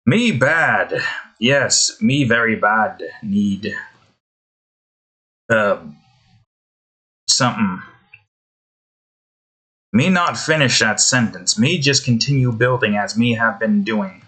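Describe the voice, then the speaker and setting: A man's voice: lowish voice, lively intonation, takes it slowly, pauses often, sharp tone, heavily acted, rough recording. A man briefly putting on a dim caveman-style voice, talking in simple broken grammar. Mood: sheepish.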